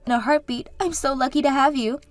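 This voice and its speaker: Brief: woman playing a high-pitched, earnest bride-to-be sister, dry close recording, faint music behind. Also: steady tone, fairly quick, no echo, close to an everyday voice. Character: bride-to-be sister, grateful and nervous. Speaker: younger sister Sarah. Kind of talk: scripted story drama.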